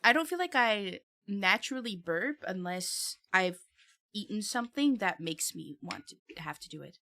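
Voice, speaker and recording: A woman chats casually on her live stream, laughing often and talking between bites of food. Her voice is bright and a bit sharp. The sound is dry and close, with no room echo. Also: medium pitch, animated, moderate pace. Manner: chatty, laughs often, talks while eating.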